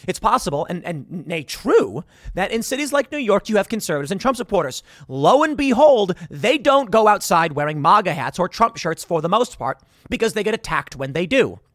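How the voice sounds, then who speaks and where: Animated, emphatic male commentator. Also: sits high, normal speed, no echo, studio quality. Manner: emphatic and argumentative, reads and reacts to posts. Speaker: political commentator. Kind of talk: opinion commentary monologue.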